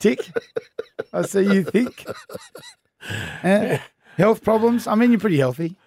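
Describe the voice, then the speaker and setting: Teasing high-voiced radio host. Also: male voice, lively intonation, measured pace, vocal fry, darkish tone, a little hiss or hum. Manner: teasing, playful. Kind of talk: joking radio banter. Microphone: studio microphone.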